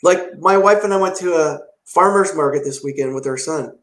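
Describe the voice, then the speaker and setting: A man's voice: a little high, moderate pace. Guy chatting about his detail shop, acts out the convos, kinda echoey room. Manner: animated, acts out dialogue in story. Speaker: detailing shop owner, guest. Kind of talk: casual podcast storytelling. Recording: roomy echo.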